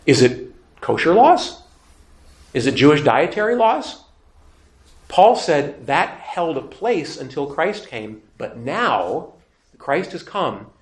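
A man, a priest, teaching a scripture lesson in a conversational way and asking his class rhetorical questions. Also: medium pitch. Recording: roomy echo.

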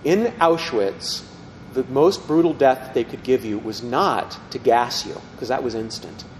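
A middle-aged man teaching a group about faith, speaking conversationally and often asking the audience questions. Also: unhurried. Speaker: Catholic teacher. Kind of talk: storytelling talk to a group. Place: meeting room with tables. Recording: reverberant hall, faint rumble.

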